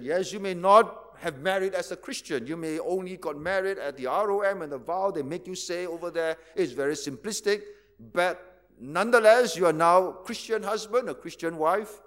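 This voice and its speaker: A man's voice: high-pitched, normal speed. A male pastor, preaching a teaching sermon, asking rhetorical questions and repeating key words for emphasis.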